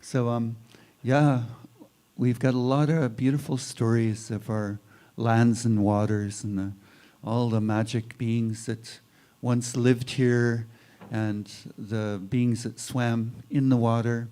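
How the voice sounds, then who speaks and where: Male storyteller, middle-low mellow voice, unhurried, leads call-and-response. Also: fairly even intonation. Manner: unhurried, chanting the story's opening and drawing out words; invites call-and-response from listeners. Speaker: guest storyteller. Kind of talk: traditional storytelling at a service.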